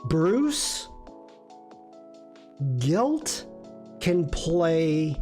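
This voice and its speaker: A man's voice: fairly high pitch, big pitch swings, very slow, a little mellow, soft background music. A man hosting a casual livestream critique, chatty and self-deprecating, reviewing viewers' work. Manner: chatty, self-deprecating, many fillers and restarts. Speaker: livestream host and design instructor.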